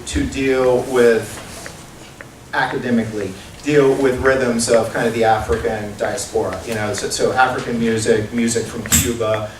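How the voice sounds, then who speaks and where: A man's voice: medium pitch, a little hiss or hum. Man lecturing in an echoey hall. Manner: chatty, repeats words while thinking, recites drum syllables. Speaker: music professor. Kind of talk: lecture recital with demonstrations. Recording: roomy hall sound from far off.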